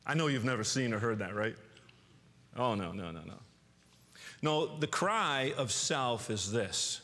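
A man preaching a sermon in a church, animated, acting out angry outbursts and often restarting his words. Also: mid-range voice, unhurried. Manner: animated, acts out angry quotes with sudden loud outbursts; frequent restarts and repeated words. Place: church sanctuary. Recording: long church reverb.

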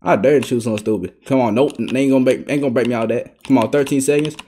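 A young man doing live gameplay commentary, brash and trash-talking, bursting into excited yelling. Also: medium pitch, rapid-fire, husky. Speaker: gaming YouTuber.

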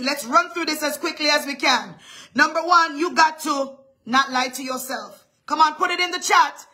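A woman pastor preaching a livestreamed sermon, loud and often shouting, with emphatic call-outs to her listeners and a throat strained from yelling. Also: high-pitched.

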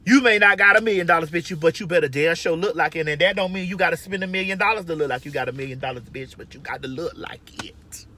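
A woman's voice: on the low side, quick pace, hardly any pauses, pushed and bright. A woman giving brash, profane, emphatic advice in a casual monologue from her car. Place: inside a parked or moving car.

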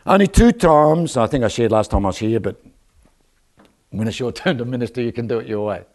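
An older man preaching a lively church sermon, joking and calling out for amens from the congregation. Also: mid-range voice, brisk. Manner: animated, joking, calls for amens from the crowd. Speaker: guest preacher. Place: church service.

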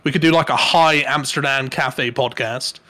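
A young man telling casual stories on a podcast, animated and laughing as he acts out what people said. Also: medium pitch, normal speed. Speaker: podcast co-host. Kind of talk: casual storytelling chat.

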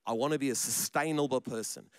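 A man's voice: mid-range voice, fast, smooth, no room sound. A man preaching a sermon in church, chatty and joking, often repeating his words. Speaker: pastor.

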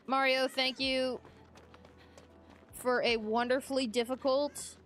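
Casting note: young woman streamer, high bright voice, giggly and chatty, faint music behind. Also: steady tone, slow. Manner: chatty, giggly, reads and greets chat. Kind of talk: casual live-stream chat while gaming.

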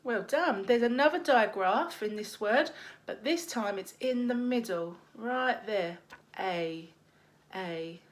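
Slow, encouraging woman teaching phonics. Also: mid-range voice, animated. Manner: slow, encouraging, sounds out letters. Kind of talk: phonics lesson for young children.

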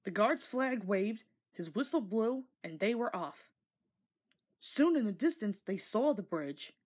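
A woman narrating a storybook read-along, gentle and expressive with a breathy voice. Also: mid-range voice, unhurried.

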